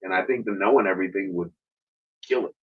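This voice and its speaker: A husky-voiced man co-hosting a podcast, talking loosely and profanely. He tells his stories with animation. The recording sounds dull and lo-fi. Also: low-pitched, fast talker. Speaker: podcast co-host. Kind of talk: casual chat.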